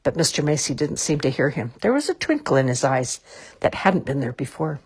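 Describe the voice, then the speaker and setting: Husky-voiced woman reading a storybook. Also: low voice, brisk. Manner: expressive, lilting. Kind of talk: storybook read-aloud.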